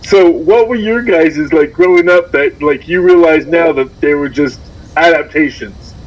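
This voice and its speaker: Radio host guy, kinda high voice, asking guests questions. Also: measured pace, poor audio. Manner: curious, asks questions. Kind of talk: casual chat.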